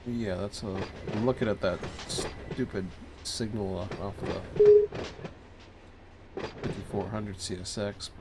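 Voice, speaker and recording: A man giving casual, thinking-aloud commentary while playing a train dispatching game, low-key and a bit sleepy. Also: steady tone, slow, long pauses, very noisy. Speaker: streamer.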